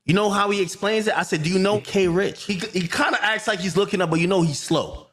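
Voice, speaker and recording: A man's voice: sits high, fairly quick, a bit bright, slight background noise. A man telling a heated story, acting out the dialogue and swearing emphatic oaths.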